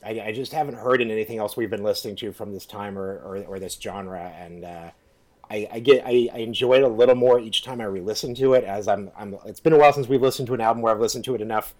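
A man's voice: fairly low pitch, quick pace, a little mellow. A man co-hosting a music podcast, talking enthusiastically with stammering restarts. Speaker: podcast co-host. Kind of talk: casual chat about music.

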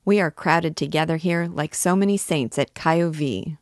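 A woman's voice: low voice, normal speed, no echo, studio quality, lightly acted. A woman reading as a nasal, roaring Norman man. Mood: grumbling. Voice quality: nasal twang. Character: loud grumbling Norman man.

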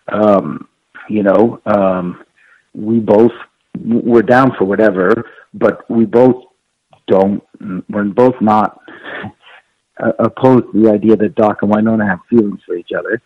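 A man, an actor, recalling a filmed scene in a relaxed, halting interview. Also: on the low side, breathy edge, no room sound. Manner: relaxed, halting, many fillers. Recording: muffled, lo-fi interview clip.

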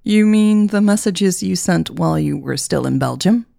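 A woman voicing a frank, caring young woman who teases her sister and presses her gently. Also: lowish voice, animated, moderate pace, creaky, dry recording, studio quality, voice pushed up. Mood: insistent. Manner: teasing, frank, gently insistent.

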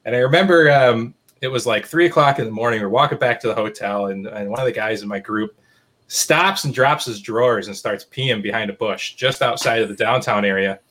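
A man host spinning a rambling, easygoing anecdote on a casual podcast. His voice sits at an ordinary middle pitch, and he leans on fillers and restarts. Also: fairly quick, fairly bright tone. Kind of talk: casual chat.

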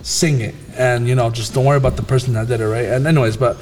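A man hosting a casual faith discussion, talking in a halting way with many fillers and restarts. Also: mid-range voice, steady tone, in a large hall, noisy background.

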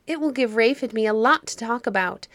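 A woman voicing an earnest, excitable young girl in a storybook. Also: fairly high pitch, brisk, no room sound. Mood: eager. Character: curious eager young girl.

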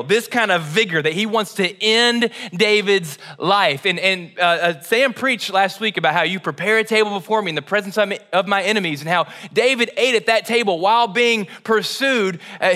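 A male pastor preaching a sermon in an animated, conversational storytelling way. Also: high voice.

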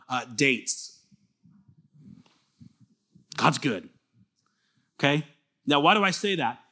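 Animated man preaching a sermon. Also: on the high side. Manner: animated, conversational preaching with rhetorical questions; casual fillers and restarts. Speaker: pastor.

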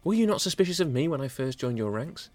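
A man's voice: fairly high pitch, big pitch swings, fast, a little mellow, no echo, faint music behind. A man playing an earnest frontier preacher in a comedy podcast sketch, speaking in a solemn, pleading way.

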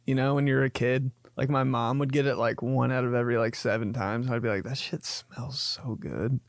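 A man's voice: mid-range voice, level tone, quick pace, no echo. A young man hosting a podcast, riffing in a jokey comedic monologue and slipping into silly voices. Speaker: podcast host.

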